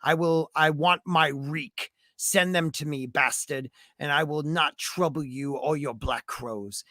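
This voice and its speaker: A man voicing a cruel young male lord, reading out a threatening letter slowly in a put-on accent. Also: on the high side, bright, forceful tone, dry recording, clean studio sound. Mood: menacing.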